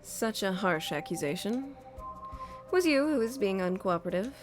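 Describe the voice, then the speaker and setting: A woman voicing a calm, smug man who is interrogating a drugged captive, speaking in a measured, coolly polite way. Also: mid-range voice, over music, voice pushed down, close to an everyday voice.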